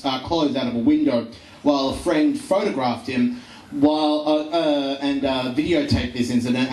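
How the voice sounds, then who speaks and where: A man's voice: mid-range voice, a little mellow. A man in his twenties doing profane, rambling stand-up full of ums and uhs, live in a comedy venue with an audience. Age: 20s. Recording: echoey room, distant mic, crowd.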